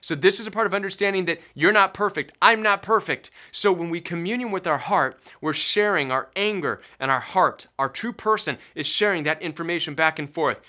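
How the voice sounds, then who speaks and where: A middle-aged man talks listeners through a self-help lesson in a bright, forceful voice that sits a little high. He is emphatic and preachy, hammering his points with repetition. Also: brisk, few pauses. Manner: emphatic, preachy, repeats key phrases. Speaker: recovery coach. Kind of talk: motivational self-help talk.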